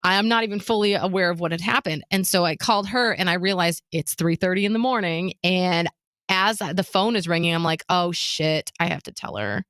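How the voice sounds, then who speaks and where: A podcast co-host with a lowish voice talks a little fast on a dry recording. She tells a personal story on a casual talk show, animatedly acting out what other people said and laughing nervously.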